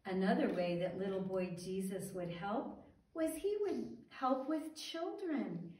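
A woman teaching a Sabbath school class for toddlers, talking in a gentle, sing-song way as she tells a story and coaxes the children. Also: mid-range voice, expressive, measured pace. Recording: roomy echo, mic at a distance, faint music.

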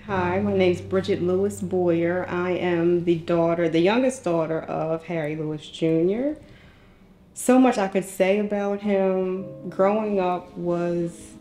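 Low-voiced woman, casual and earnest. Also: steady tone, slow, dark tone, reverberant, soft background music. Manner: casual, uses "like" often, earnest. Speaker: interviewee, youngest daughter. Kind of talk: documentary interview testimony.

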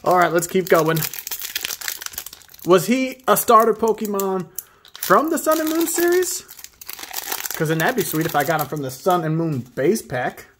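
A man hosting a casual pack-opening video, excitably reading card names aloud and hyping himself up. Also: sits high, a little slow, long pauses, a little hiss or hum. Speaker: host opening card packs.

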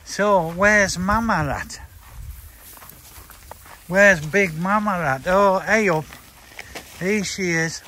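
A man's voice: high voice, slow pace, pauses often, sharp tone. A man chatting bluntly while walking his dogs outdoors on a rural property. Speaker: dog breeder. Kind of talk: casual walking vlog.

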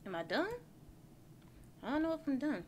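A woman's voice: high-pitched, sing-song, normal speed, slight background noise. A woman hosting a gaming channel, nervously talking to herself as she plays through a horror game. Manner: nervous, talks to herself while playing. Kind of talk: let's play commentary.

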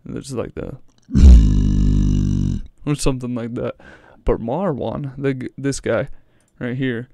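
A man chats through a reaction video in a loose, rambling way, often cutting himself off and cursing. His voice has a gravelly, fry-laden edge. The sound is dry and close, with no room around it. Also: medium pitch, fairly even intonation, slow, long pauses, a little mellow, no room sound. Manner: rambling, swears freely, breaks off mid-thought. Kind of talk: casual reaction commentary.

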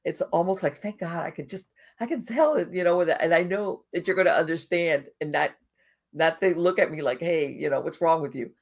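A podcast host chatting eagerly with a guest, adding quick interjections. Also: mid-range voice, vocal fry. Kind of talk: casual interview chat.

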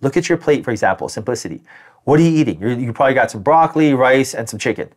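Animated man giving a tarot reading. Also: mid-range voice, fast. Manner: animated, acts out quoted voices. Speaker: tarot reader. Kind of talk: spiritual guidance monologue.

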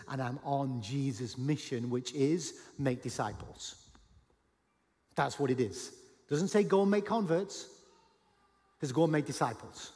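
A man preaching a sermon as pastor, animated, acting out Bible dialogue and at times rising to a shout. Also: medium pitch. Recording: long hall reverb.

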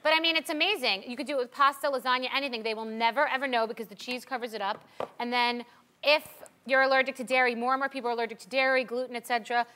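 A woman's voice: sits high, steady tone, very fast, sharp tone, slight background noise. A woman hosting a talk show on a TV studio stage, chatting casually with a teasing, joking manner. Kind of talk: casual chat.

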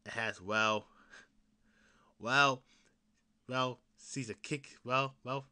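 A young man hosting his own podcast, chatting casually in a rambling, laughing way, with frequent restarts and swearing, jumping between loud excited bursts and low mutters. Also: very slow. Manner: excited fan talk that drops to mutters and whispers. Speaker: podcast host. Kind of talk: casual solo podcast chat.

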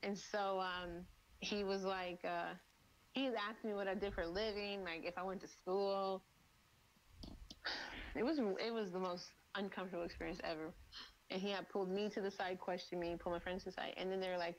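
A woman's voice: mid-range voice, fairly even intonation, fairly quick, highs cut off. A woman guest in a casual interview, talking bluntly and with profanity, acting out quoted exchanges as she tells a story. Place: lives in Miami.

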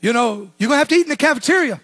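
High-voiced preacher swinging loud to hushed. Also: male voice, animated, racing, dry recording. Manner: swings from shouted preaching to hushed, low asides. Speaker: pastor. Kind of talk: sermon.

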